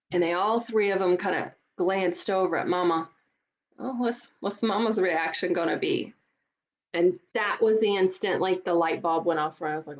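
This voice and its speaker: A middle-aged divorce coach with a lowish voice gives an earnest, emphatic motivational talk, often repeating words for stress. The recording sounds lo-fi.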